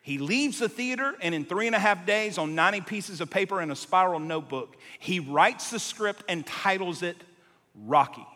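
Man, sermon storytelling, high voice, animated and tangent-prone, long hall reverb. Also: moderate pace. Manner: animated, jumps between tangents, acts out quotes. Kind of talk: sermon storytelling to a live congregation.

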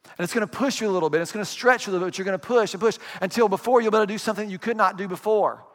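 A man with a high voice preaches in a loose, conversational way, dropping asides and acting out what people say. His voice rings with long reverb from a big hall. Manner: conversational preaching with asides and quick acted quotes. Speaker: pastor. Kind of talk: sermon.

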